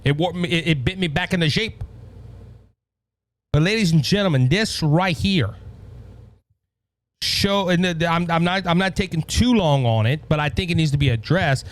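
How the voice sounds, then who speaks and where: A man's voice: a little high, moderate pace, long pauses, no room sound. A man with a Cajun accent hosting a conservative political commentary show, talking in an impassioned, repetitive way with many stammered restarts. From Louisiana. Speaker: podcast host.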